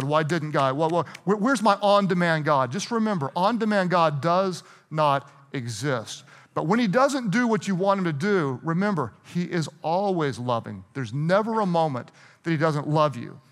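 A middle-aged man preaching a sermon, telling stories in an animated way, restarting and repeating himself. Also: fairly high pitch. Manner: storytelling, animated, self-interrupting with repeated restarts. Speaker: pastor. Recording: hall reverb.

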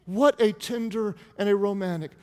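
A man's voice: sits high, normal speed, darkish tone. A man preaching a humorous sermon as pastor, playful and teasing with the congregation. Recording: long reverb of a large hall.

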